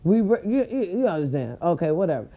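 A woman hosting a podcast, telling a story in a casual, sassy way and swooping her voice up high for emphasis. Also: big pitch swings, fast talker, lo-fi sound. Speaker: podcast host.

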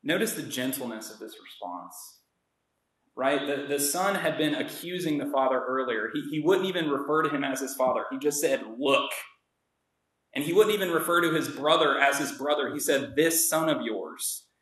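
A man's voice: mid-range voice, animated, brisk, fairly bright tone, echoey room, low-quality recording. A man preaching a sermon in an earnest, conversational way, acting out the voices of the story's characters. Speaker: pastor.

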